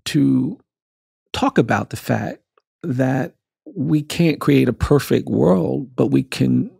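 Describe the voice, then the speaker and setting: Gravelly, earnest male storyteller, dry sound. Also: medium pitch, darkish tone, dry recording. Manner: measured, earnest, builds emphasis through repetition. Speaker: lawyer, podcast guest. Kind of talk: personal storytelling in a podcast interview.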